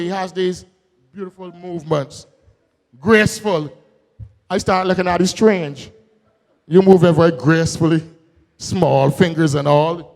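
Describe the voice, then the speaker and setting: High-voiced Barbadian man at a rally. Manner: folksy, joking asides, rising to shouted emphasis. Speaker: political speaker. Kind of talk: political rally speech. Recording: long hall reverb.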